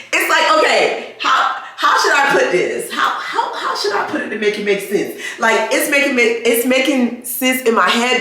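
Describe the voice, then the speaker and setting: A middle-aged woman vlogger wheezing from asthma, telling stories in a chatty, laughing, animated way. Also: fairly high pitch, very echoey. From United States. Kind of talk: casual chat to camera. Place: inside a car.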